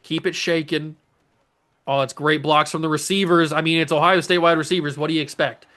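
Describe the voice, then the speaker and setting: Excitable man narrating his football game. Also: fairly high pitch, a little fast. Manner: animated, talks to his players and cheers plays. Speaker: gaming channel host. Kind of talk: casual let's-play commentary.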